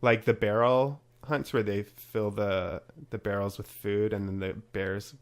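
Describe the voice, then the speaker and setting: A man's voice: fairly low pitch, fairly even intonation, unhurried, crowd noise. Chatty podcast host man. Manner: chatty, upbeat promo delivery. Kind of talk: casual podcast chat.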